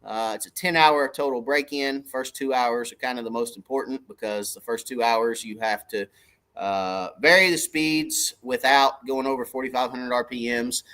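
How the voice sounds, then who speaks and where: A middle-aged man chats casually on his fishing livestream. He talks in a folksy, rambling way, greeting viewers one by one in an easygoing drawl. His voice sits at an ordinary, middle pitch. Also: steady tone, moderate pace, bright, forceful tone. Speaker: fishing channel livestream host.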